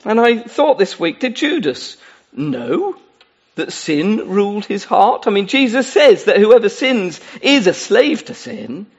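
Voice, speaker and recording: Husky lively-voiced male preacher. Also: high voice, measured pace, lo-fi sound. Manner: earnest, pleading, with many asides. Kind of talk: sermon.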